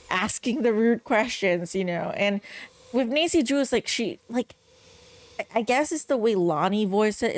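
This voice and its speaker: A young woman giving casual gaming commentary, rambling and exasperated, full of "like" fillers as she picks apart a game's voice acting. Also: mid-range voice. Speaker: game streamer.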